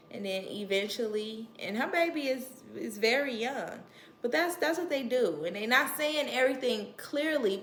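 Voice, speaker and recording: A woman's voice: fairly high pitch, a bit bright, roomy sound, a little hiss or hum. A woman educator giving earnest, emphatic parenting advice to the camera in a casual vlog. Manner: earnest, emphatic, laughs at herself.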